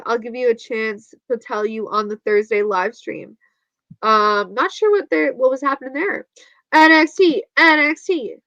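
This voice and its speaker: Woman co-host, high chatty voice, dry dull lo-fi stream audio. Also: bright, forceful tone, no room sound. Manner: chatty, giggly, rambling with fillers. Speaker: co-host of a wrestling watch party stream. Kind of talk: casual live-stream chat.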